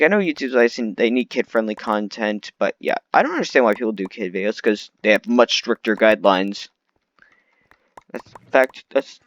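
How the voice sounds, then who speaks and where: A man's voice: lowish voice, lo-fi sound. A man delivering an unscripted, rambling rant full of complaints, often restarting his sentences. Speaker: vlogger.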